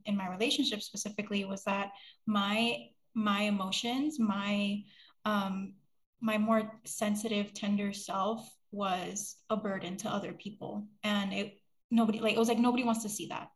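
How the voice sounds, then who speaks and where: A woman's voice: medium pitch, steady tone, normal speed. Effusive woman podcast host. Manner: openly emotional, effusive. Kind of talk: casual interview chat.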